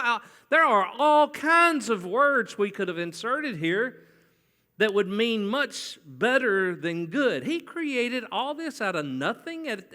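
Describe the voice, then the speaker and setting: A man with a high-pitched, sharp voice preaches a sermon conversationally, often putting questions to the congregation. He is in a church sanctuary, and the recording carries the long reverb of a church hall.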